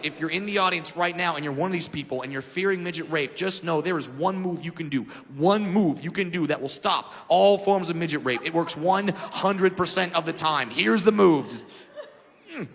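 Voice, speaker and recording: High-voiced man doing loud stand-up. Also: moderate pace, slight background noise. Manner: loud, animated storytelling that swings between hushed asides and shouted punchlines. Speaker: stand-up comedian. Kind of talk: stand-up comedy routine. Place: comedy club stage before a live audience. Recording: live club recording with reverb and audience laughter.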